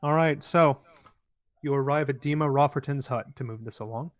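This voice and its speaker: A man's voice: medium pitch, normal speed, dry recording. A young man narrating as game master in a loose, rambling way with many fillers.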